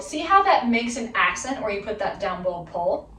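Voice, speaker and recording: A woman's voice: medium pitch, very animated, moderate pace, pushed and bright, far from the mic, faint music behind. Upbeat woman teaching fiddle, roomy sound. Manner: upbeat, encouraging, counts in the student. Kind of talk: instructional video lesson. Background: her violin playing between phrases.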